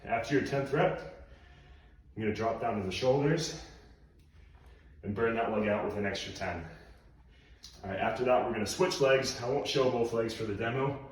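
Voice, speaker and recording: In a very echoey home room, a breathless male personal trainer demonstrates exercises and gives coaching cues. His voice is medium in pitch and sits far from the microphone.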